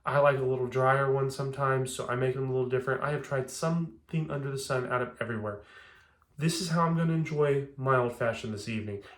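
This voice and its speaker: Young male host, casual rambling delivery, mid-pitched and conversational. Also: fast talker. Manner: chatty, rambling, frequent restarts. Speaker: bourbon video host. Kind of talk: casual home cocktail demo.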